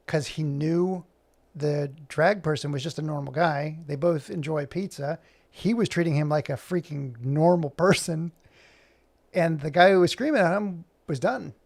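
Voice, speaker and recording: A man's voice: a little high, gravelly, a little mellow. A man chatting casually in a rambling way, full of fillers, while working on animation. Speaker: animator and vlogger.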